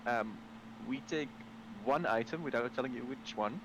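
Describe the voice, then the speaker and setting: A man's voice: medium pitch, moderate pace. Give me a hesitant man at a game table, with noise behind him. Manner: hesitant, many ums, scheming. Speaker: player. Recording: noisy stream audio.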